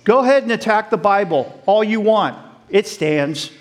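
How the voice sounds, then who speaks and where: A middle-aged man preaching a sermon, animated, asking the audience questions and laughing along with them. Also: sits high, normal speed.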